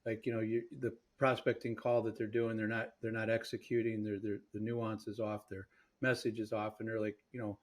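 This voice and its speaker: A man's voice: lowish voice, little pitch movement, fairly quick. A man hosting a podcast and coaching salespeople, speaking emphatically in casual conversation.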